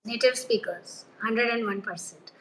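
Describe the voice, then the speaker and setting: A woman's voice: on the high side, a little slow, a bit bright, rough recording. A woman with an Indian accent, an English teacher giving emphatic advice as an interview guest. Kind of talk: casual interview chat.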